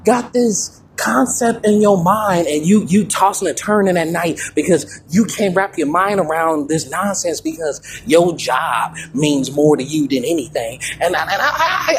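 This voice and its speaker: A woman's voice: mid-range voice, a little hiss or hum. A woman doing an improvised comedy rant as a head of state, indignant and lecturing, rambling with many stammered restarts.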